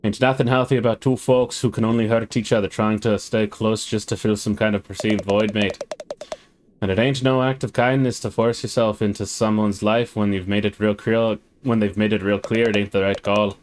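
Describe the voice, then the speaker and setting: A man's voice: lowish voice, fairly even intonation, normal speed, background noise, natural voice. A man voicing a gloomy, self-pitying male crab drifter in a mock Scottish sailor accent, melodramatic. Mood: brooding.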